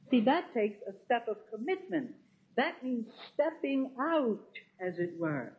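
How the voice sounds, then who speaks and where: Lively preacher on a tinny line. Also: mid-range voice, moderate pace. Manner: emphatic, asks rhetorical questions. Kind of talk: sermon. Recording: tinny, phone-like sound.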